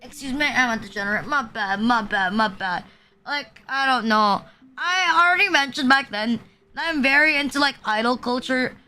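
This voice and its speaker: Her fairly high voice sounds pushed and bright, moving at a moderate pace. She's a young woman VTuber streaming from home, chatting loosely and crudely with plenty of fillers and laughing often.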